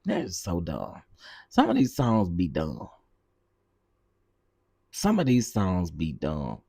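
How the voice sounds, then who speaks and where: A low, husky male voice, dishing gossip in a sassy, chatty way. He laughs a lot and repeats his punchlines. The sound is dry and close, with a mellow, dark tone. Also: wildly swooping pitch, slow pace, pauses often, no room sound. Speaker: commentary show host. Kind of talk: casual commentary livestream.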